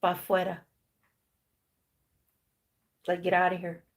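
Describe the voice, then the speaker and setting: A woman's voice: lowish voice, monotone, takes it slowly. A woman giving a casual tarot reading. She repeats herself for emphasis, drops Spanish slang words into her English, and acts out imagined lines for the figures on the cards. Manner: repetitive, emphatic. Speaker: tarot reader.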